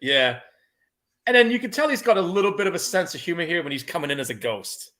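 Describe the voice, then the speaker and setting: A man co-hosting a casual movie commentary podcast, laid-back and profane, quick to laugh along. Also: a little high, sing-song, pushed and bright. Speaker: podcast co-host.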